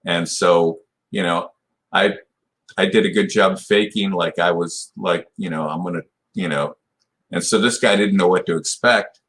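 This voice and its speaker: A man in his sixties, a martial arts black belt, is a guest on a podcast interview, telling a long story in a rambling way full of restarts and "you know" fillers. His voice is deep and a bit bright, at a moderate pace.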